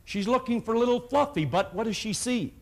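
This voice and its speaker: A man's voice: extremely high pitch, expressive, brisk. A man speaking at a live motivational seminar, telling stories and leading the audience in call-and-response.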